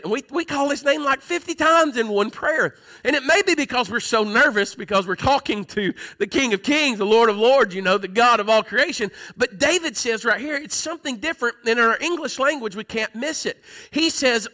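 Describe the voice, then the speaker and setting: Male pastor, high bright voice, impassioned sermon with loud peaks and hushed lows. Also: lively intonation, normal speed. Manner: impassioned preaching, swinging from loud emphatic peaks to hushed, tender passages.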